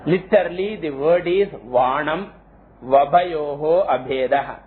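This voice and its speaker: A man giving a scriptural lecture, explaining slowly and chanting Sanskrit terms. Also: on the high side. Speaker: teacher of scripture. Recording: tinny phone-like lo-fi audio, faint hiss.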